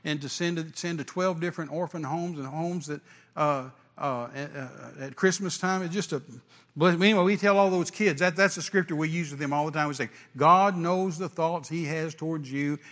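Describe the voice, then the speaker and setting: A man preaching a sermon, animated, rising to shouts at its peaks. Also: fairly high pitch, normal speed. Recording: long hall reverb.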